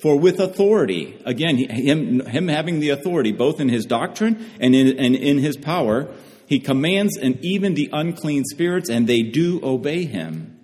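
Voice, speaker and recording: Earnest preacher in a reverberant hall. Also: male voice, mid-range voice, lively intonation, normal speed, darkish tone. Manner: earnest, repeats phrases for emphasis. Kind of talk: sermon.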